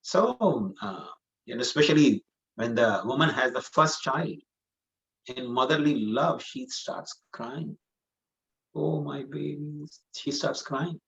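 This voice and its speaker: A man's voice: medium pitch, lively intonation, measured pace, fairly bright tone. A man answering a student's question in a scripture class, earnest and repetitive, leaning on "you know" as he explains. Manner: earnest, repeats points, many "you know" fillers. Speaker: spiritual teacher. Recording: dull lo-fi sound.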